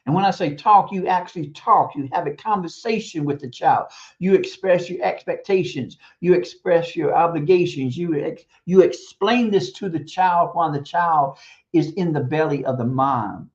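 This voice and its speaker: This is a stream host with a middle-pitched voice, delivering a preachy, emphatic monologue about raising kids. The speaker repeats words for stress and chuckles now and then. The audio is muffled, like a lo-fi stream capture. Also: moderate pace. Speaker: teacher. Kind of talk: casual advice monologue on parenting.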